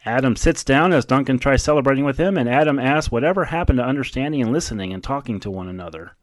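A man's voice: medium pitch, animated, fast, dry recording. A man casually recapping a movie scene by scene, chuckling often as he goes. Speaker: movie recap podcast host.

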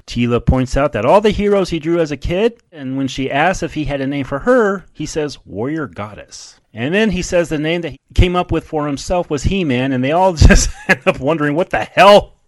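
A man's voice: fairly high pitch, animated, moderate pace, no echo. Man recapping a film between laughs. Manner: laughs often while recapping. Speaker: podcast host recapping a film. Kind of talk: casual chat.

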